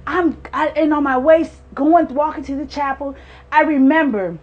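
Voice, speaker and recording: A woman's voice: high voice, steady tone, moderate pace, darkish tone, lo-fi sound. A woman in her forties giving a heartfelt personal testimony, earnest and emphatic, acting out what people said. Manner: earnest, emphatic storyteller who acts out quoted speech. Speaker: guest sharing a personal testimony.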